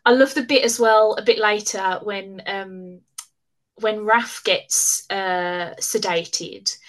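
A woman chatting casually as a podcast guest. She talks in an animated, rambling way, full of fillers and quick laughs, with a pitch that sits in the middle of the usual range. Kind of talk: casual chat.

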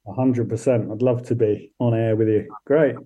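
A man, a charity founder, speaking as a guest in a radio interview in a relaxed, friendly way. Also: medium pitch, normal speed, dull audio.

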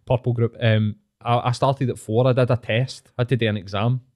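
A man's voice: mid-range voice, steady tone, brisk, darkish tone. A man with a Scottish accent co-hosting a podcast, telling stories in sweary, laughing banter. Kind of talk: casual chat.

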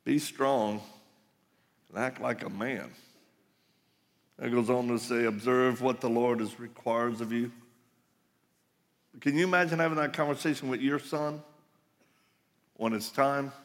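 A man's voice: medium pitch, a little slow, long pauses. A man preaching a live conference sermon, telling folksy stories with asides. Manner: folksy storytelling with laughs and asides. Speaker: conference speaker. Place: large hall, live audience. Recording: reverberant hall.

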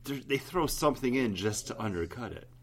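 A man's voice: mid-range voice, animated, fairly quick, a crowd in the background. A man co-hosting a movie podcast, chatting and joking with his friends. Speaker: podcast co-host. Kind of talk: casual movie chat.

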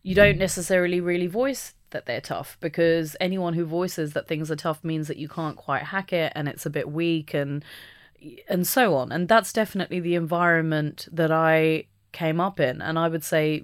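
A woman speaking as an interview guest, talking openly and reflectively, with the odd soft laugh. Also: low voice, steady tone, normal speed, no room sound, studio quality. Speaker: podcast guest. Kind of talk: candid conversational interview.

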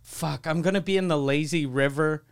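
A man co-hosting a podcast, telling stories in casual chat, animated and swearing freely. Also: fairly high pitch, moderate pace, gravelly, clean tone. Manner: profane, animated storytelling. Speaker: podcast co-host.

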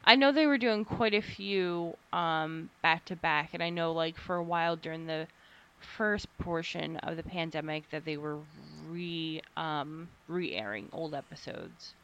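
A young American woman co-hosting a relaxed podcast. Her voice sits a little low, and she rambles through stories with frequent laughter and casual swearing. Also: unhurried, a little hiss or hum. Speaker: podcast co-host. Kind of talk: casual chat.

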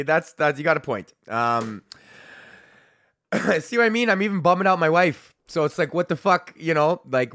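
A man's voice: medium pitch, fairly bright tone, dry recording. Man, podcast host, casual rant, lots of swearing, self-amused laughs, dry close sound. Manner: swearing, rambling, laughs at himself. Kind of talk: casual ranting monologue. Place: home.

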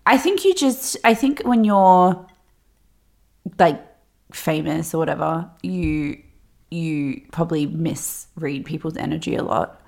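Young woman co-host, lower-pitched, reassuring and chatty. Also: slow, vocal fry, a little mellow. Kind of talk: casual chat.

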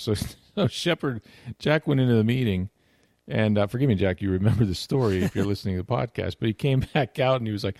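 Gravelly-voiced man telling stories on a podcast. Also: mid-range voice, expressive, fairly quick, a little mellow, no echo. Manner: rambling storyteller with frequent restarts and laughs. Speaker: podcast host. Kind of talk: casual podcast chat.

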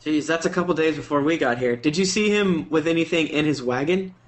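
A man at a tabletop game, joking and prodding with questions. His voice sits a little high. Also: a little fast. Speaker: player.

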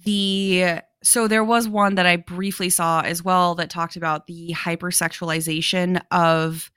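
A young woman with a bright, forward voice lays out a film's story in casual podcast chat. The sound is dry and close, with no room around it. She explains at length and walks through scenes beat by beat. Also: on the low side, level tone, measured pace, clean tone, no room sound. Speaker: podcast co-host. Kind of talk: casual movie discussion.

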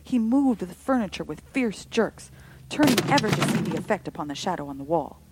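A woman narrating a story with an expressive, dramatic delivery. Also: medium pitch, brisk, heavy background noise. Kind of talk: storybook reading.

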